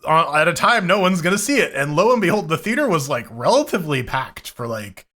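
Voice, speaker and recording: Bright-voiced man telling animated stories. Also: a little high, brisk. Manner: animated storyteller, acts out his own reactions. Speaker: podcast co-host. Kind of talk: casual chat.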